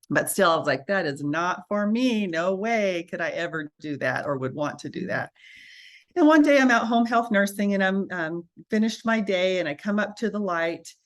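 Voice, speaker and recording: A woman, a registered nurse, telling her story as a guest in a casual interview, animated and acting out the voices she quotes. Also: mid-range voice.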